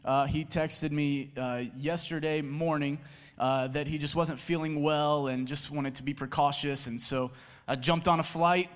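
A man's voice: fairly high pitch, unhurried. A man, a campus pastor, rallies a church crowd with friendly welcomes and announcements, tired after little sleep. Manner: energetic, crowd-rallying, friendly with fillers. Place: large auditorium. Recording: long hall reverb.

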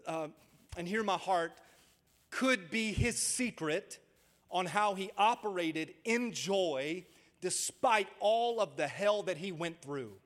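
A man preaching a sermon as pastor, building to shouted emphasis. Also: sits high, lively intonation, slow pace. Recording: long hall reverb.

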